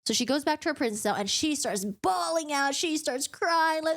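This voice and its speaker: A woman vlogger giving a casual, dramatic book recap in an animated storytelling manner. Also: high-pitched, moderate pace, hardly any pauses.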